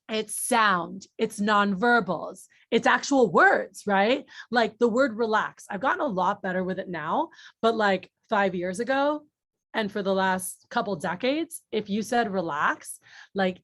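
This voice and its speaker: A woman's voice: mid-range voice, a bit bright, dry recording, clean studio sound. A woman in her late thirties giving a workshop talk to a group, chatty and blunt, full of "like" and swearing. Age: 30s. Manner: chatty, lots of "like", blunt and profane. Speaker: workshop trainer.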